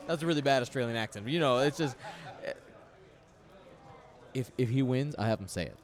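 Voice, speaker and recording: A man's voice: mid-range voice, animated, brisk, pauses often. A man commentating a tabletop game match live, chatty and thinking aloud, often repeating himself.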